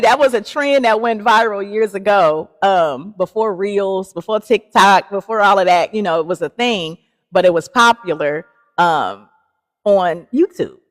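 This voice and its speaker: A woman's voice: medium pitch, long reverb tail. A woman in her forties hosting a casual livestream, chatty and laughing often as she talks straight to her viewers. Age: 40s. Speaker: live show host.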